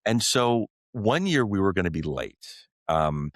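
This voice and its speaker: Deep-voiced middle-aged man telling stories. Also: big pitch swings, dry recording. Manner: earnest, halting with many fillers and restarts. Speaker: podcast guest. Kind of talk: personal storytelling in conversation.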